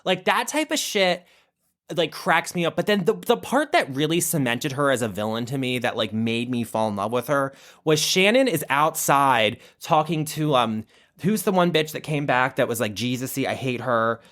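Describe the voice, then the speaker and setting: A man's voice: medium pitch, moderate pace. A man hosting a podcast, gushing in a casual, profane monologue about his favourite reality stars. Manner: animated, profane, gushing fan talk. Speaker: podcast host.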